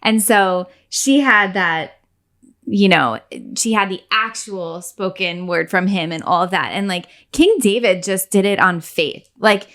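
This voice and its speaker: A woman's voice: mid-range voice, unhurried, a bit bright. A woman co-hosting a podcast, talking earnestly and casually about faith, with frequent "like" and "you know". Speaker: podcast co-host.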